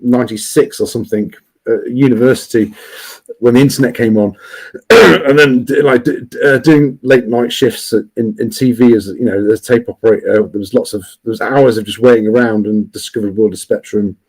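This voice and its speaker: A man's voice: medium pitch, brisk, husky, rough recording. Rambling man in casual stream chat. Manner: rambling, many restarts and fillers; says he is always loud. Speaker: guest.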